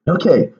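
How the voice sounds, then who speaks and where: A man's voice: high voice, gravelly, breathy edge, lo-fi sound. A man doing casual political commentary on his vlog, reading aloud and then ranting emphatically with bursts of laughter.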